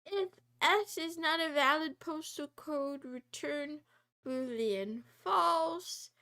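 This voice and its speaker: A woman thinking aloud while she works through a coding exercise on a quiet live study stream, halting and muttering, often half-whispered, with nervous laughs. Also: sits high.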